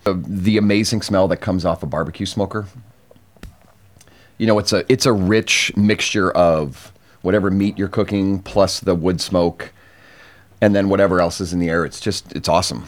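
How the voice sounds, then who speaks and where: A man's voice: deep voice, steady tone, normal speed. A man in a casual chat, explaining things at length in a knowing way.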